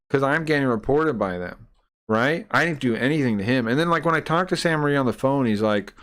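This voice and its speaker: A man's voice: mid-range voice, fairly bright tone. A man livestreaming, retelling a grievance in an indignant, profane, rambling way. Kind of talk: ranting stream commentary.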